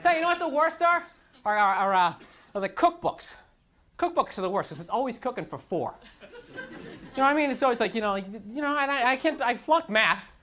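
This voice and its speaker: A man's voice: extremely high pitch, expressive, brisk, sharp tone, a little hiss or hum. A man doing a stand-up comedy set, self-deprecating and exasperated, with lots of "like" and "you know" in his talk. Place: comedy club stage with live audience. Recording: live club recording with crowd laughter.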